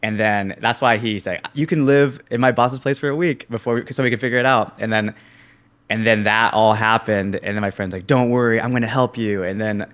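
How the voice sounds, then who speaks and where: A young man in his twenties, a podcast guest, telling his story in a casual, animated way, laughing often and acting out other people's lines. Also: lowish voice, a little fast. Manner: animated, laughs often, acts out quoted voices.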